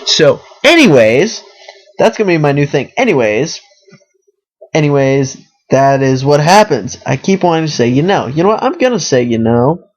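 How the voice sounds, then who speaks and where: A college-age man hosting a podcast, rambling casually and filling his talk with "you know" and "like". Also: on the high side. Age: young adult. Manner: rambling, self-deprecating, fills with "you know" and "like". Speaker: podcast host. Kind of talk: casual monologue.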